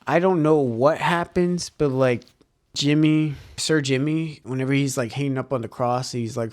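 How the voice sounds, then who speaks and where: A man's voice: mid-range voice, measured pace, dry recording, clean studio sound. A man casually recapping and reviewing a horror movie, rambling with many fillers and repeated words, swearing freely.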